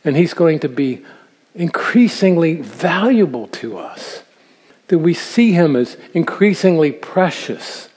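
A man's voice: on the high side, lively intonation, slow, a little mellow, slightly rough. An older man giving an earnest, story-driven sermon-style talk to grandparents, chuckling at his own asides. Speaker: speaker at a church seminar for grandparents. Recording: long reverb of a large hall.

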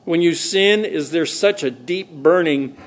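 A middle-aged man delivering a sermon with a fairly high voice for a man. He preaches in a lively, conversational way and slips into acted-out voices for quoted conversations. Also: unhurried. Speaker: pastor.

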